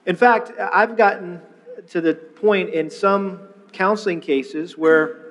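A male pastor with a high voice delivers a sermon in a relaxed, conversational way. He often repeats words as he restarts his sentences. His voice carries a long reverb from a large hall. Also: slow pace. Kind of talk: sermon-style teaching on marriage.

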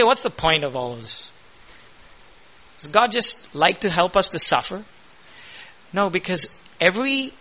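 A man preaching a sermon, emphatic and questioning, swinging from quiet asides to loud declarations. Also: high-pitched, rough recording. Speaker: pastor.

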